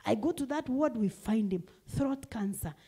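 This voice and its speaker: A woman's voice: fairly high pitch, animated, normal speed, dark tone, husky. A woman with a Kenyan accent preaching a sermon in church, emphatic and repeating her key phrases. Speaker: guest preacher.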